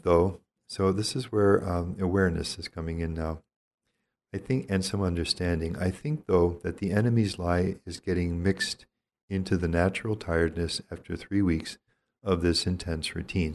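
A middle-aged man, a priest, giving a reflective spiritual teaching talk and reading aloud from his own journal. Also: low-pitched.

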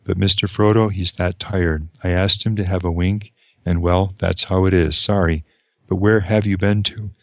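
A loyal male hobbit servant speaks bluntly, read by a man. The voice is deep, and the sound is dry and close. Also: steady tone, normal speed, no room sound. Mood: apologetic. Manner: read aloud in a plain voice.

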